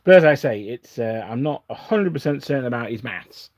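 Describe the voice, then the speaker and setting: A man's voice: mid-range voice, expressive, fairly quick, a little mellow, no room sound, studio quality. A man from England hosting a live stream, chatting casually and rambling with frequent restarts and chuckles while he builds models at his desk. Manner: rambling, self-interrupting, chuckling often.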